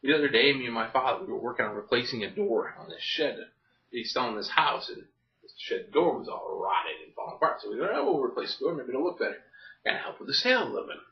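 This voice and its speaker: A man's voice: medium pitch, expressive, fast. A man from Florida telling a stand-up comedy story in a rambling, folksy way, often checking in with "okay?". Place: a home living room. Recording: dull, roomy sound from a distant mic.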